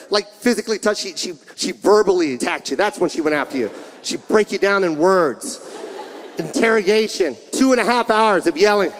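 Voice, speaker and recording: A man doing stand-up in a theater, yelling in a rapid mock interrogation over a laughing crowd. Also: high-pitched. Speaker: stand-up comedian. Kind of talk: stand-up routine. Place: large theater with live audience. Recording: live show with crowd noise.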